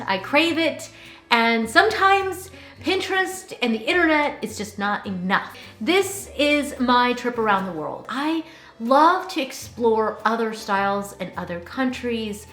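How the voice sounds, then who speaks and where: Upbeat woman vlogger with a slightly high voice, chatty and giggly, recorded in a roomy space. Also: sharp tone. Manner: bubbly, chatty, laughs easily. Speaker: interior design vlogger. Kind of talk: casual vlog chat.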